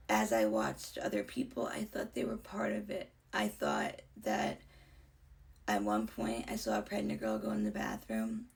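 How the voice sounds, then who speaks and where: Chatty and candid, this young vlogger shares casual stories with heavy vocal fry and a somewhat dark tone. Her pitch rises and falls a lot, she frequently slips into whispers, and the mic picks her up from a slight distance.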